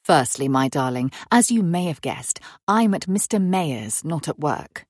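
A woman voicing a devoted young German-born man who speaks to his love softly and reassuringly. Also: sits low, expressive, unhurried, husky, dry recording, studio quality, exaggerated voice. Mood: tender. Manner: soft, reassuring, affectionate.

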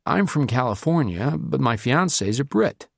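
A man's voice: mid-range voice, big pitch swings, normal speed, gravelly, dry recording, studio quality, voice pushed up. A man voicing an elderly American financier from California who talks amicably and cautiously. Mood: amicable.

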